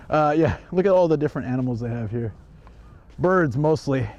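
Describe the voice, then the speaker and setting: A man's voice: mid-range voice, lively intonation, a little fast, darkish tone, highs cut off. A man telling a rambling story on a live stream while he walks through a park, chuckling often. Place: outdoors in a park.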